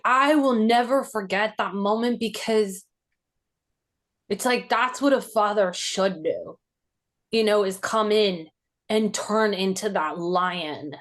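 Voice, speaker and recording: A woman speaking slowly and thoughtfully, piecing together a childhood memory in a podcast interview. Her speech is halting and full of "like" fillers, and she lifts into strong emotion as tense moments come back to her. Her pitch sits in an ordinary middle range. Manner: reflective and halting, with many "like" fillers. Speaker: podcast host. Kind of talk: personal recollection in a podcast interview.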